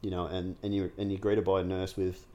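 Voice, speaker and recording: A man's voice: low voice, little pitch movement, a little fast, mellow, lo-fi sound. A man in a candid interview, telling his own story frankly, swearing freely and filling his talk with ums and restarts. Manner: frank and unguarded, heavy swearing, many fillers and restarts. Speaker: guest sharing his recovery story.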